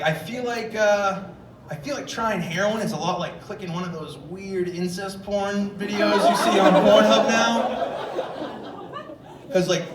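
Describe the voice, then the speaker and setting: A man performing a stand-up comedy set, telling rambling stories in a deadpan way with sudden loud outbursts. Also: sits high, far from the mic. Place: comedy club stage. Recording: echoey club from afar, loud crowd laughter and noise.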